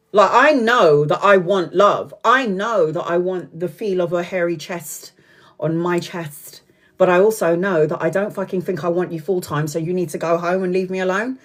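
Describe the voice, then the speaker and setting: A woman in her forties from Brazil reads tarot live for her viewers. She talks in a blunt, chatty way, swears freely and laughs often. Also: medium pitch. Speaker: tarot reader. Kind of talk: live-stream tarot reading.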